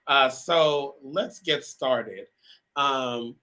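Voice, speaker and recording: Male live-show host, bright forward tone, chatty and direct with viewers, filler-heavy. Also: mid-range voice, slow pace, poor audio. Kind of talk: live talk show monologue.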